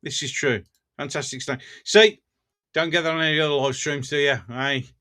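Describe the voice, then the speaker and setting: Chatty Black Country man hosting a live stream, bright voice pitched a little high, jokey and laughing a lot. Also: steady tone, moderate pace. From English Black Country. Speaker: livestream host. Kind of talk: casual live chat reading comments.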